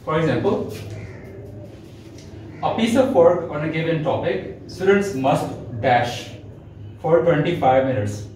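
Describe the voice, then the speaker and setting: A man's voice: on the high side, lively intonation, a little slow, pauses often, background noise. A man with a Pakistani English accent teaching a classroom lecture, explaining step by step with frequent fillers and repeated key words. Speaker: IELTS instructor. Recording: echoey room, mic far from speaker.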